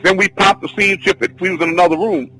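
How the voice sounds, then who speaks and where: A man teaching a spiritual class, telling a long personal story in an excited, rambling, repetitive way. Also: high-pitched, fast talker, soft background music, rough recording. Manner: excitable, repetitive, restarts often. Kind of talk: rambling spoken testimony.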